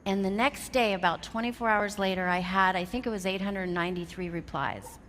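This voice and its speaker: A woman's voice: medium pitch, fairly even intonation, fairly quick, fairly bright tone. A woman with a mid-range voice delivers a motivational talk, retelling conversations in quotes and driving home her lessons with emphasis. She sounds like she is in a large venue. Her voice carries a long reverb tail over faint background noise. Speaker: motivational speaker.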